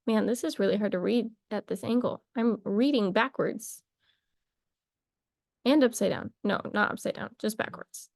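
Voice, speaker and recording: A woman talking in a playful, rambling way, thinking out loud as she runs a casual mock lesson. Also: medium pitch, normal speed, gravelly, no echo, studio quality. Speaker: video creator.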